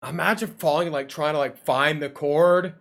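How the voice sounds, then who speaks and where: A man's voice: fairly high pitch, fairly even intonation, normal speed, a bit bright. A young man hosting a reaction video, talking in loose, slangy, exclaiming commentary.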